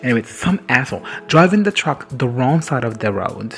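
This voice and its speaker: A reaction video host casually recaps a TV episode and reacts to it, rambling and sassy, swearing freely and laughing a lot. His medium-pitched voice has big pitch swings, vocal fry and a fairly bright tone, and he talks fairly quickly. Soft music plays in the background.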